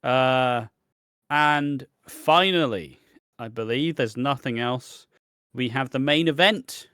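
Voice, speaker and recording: A man's voice: mid-range voice, takes it slowly, a bit bright, clear, resonant tone, no room sound, clean studio sound. A man co-hosting a podcast, reviewing wrestling in casual, sweary chat that rambles and breaks into laughs. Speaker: podcast co-host.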